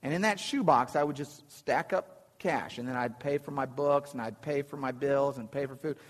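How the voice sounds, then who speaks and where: A man telling a funny personal story to a live audience, animated and self-deprecating, with lots of restarts. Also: medium pitch, moderate pace, long reverb tail.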